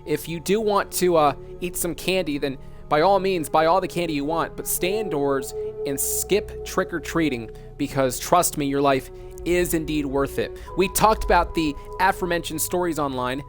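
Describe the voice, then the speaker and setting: A man's voice: a little high, normal speed, soft background music. A man hosting a mock news broadcast, dramatic and emphatic, repeating words for effect.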